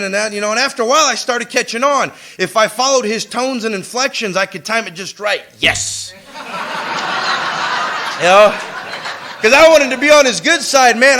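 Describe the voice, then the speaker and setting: A man with a high, ringing voice tells a rough, slangy recovery story to a meeting crowd. He swears freely and acts out the lines people said to him. His tone stays bright and cutting. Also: a little hiss or hum. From United States. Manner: animated, acts out quotes with laughter. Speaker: AA speaker. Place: meeting room before an audience.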